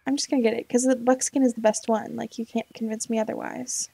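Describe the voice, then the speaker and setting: Indecisive young woman rambling with vocal fry. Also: a little high, flat delivery, fast, dark tone, no echo. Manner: rambling, indecisive, talks to herself. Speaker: gaming YouTuber. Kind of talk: casual let's-play chat.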